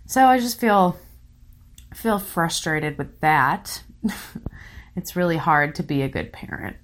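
A worn-out woman hosting her own show, talking in a halting way with nervous laughs, close to tears. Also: on the low side, lively intonation, slight background noise. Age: young adult to middle-aged parent. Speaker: podcast host. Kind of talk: casual solo commentary reading listener comments.

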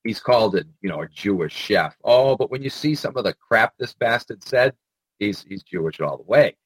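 A man's voice: on the low side, expressive, moderate pace, a little hiss or hum, rough recording. A man hosting a commentary show, delivering an indignant, profane ranting monologue full of "uh" fillers.

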